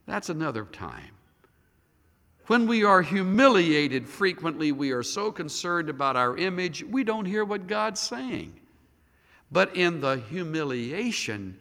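A man preaching a sermon as a pastor, dramatic, swinging between loud emphasis and hushed near-whispers. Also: on the high side. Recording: long hall reverb.

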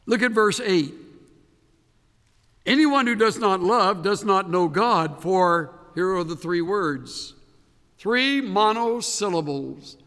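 A man preaching a sermon as pastor, leaning hard on key words and letting his phrases trail off quietly. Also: sits high, takes it slowly. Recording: long reverb of a large hall.

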